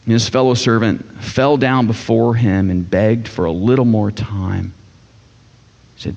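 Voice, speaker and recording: A man's voice: lowish voice, unhurried, vocal fry, pauses often, a little mellow. Male pastor, casual and jokey, slightly muffled, long hall reverb. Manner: casual, joking preacher voicing characters. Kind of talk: sermon. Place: church sanctuary. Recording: dull sound with long church reverb.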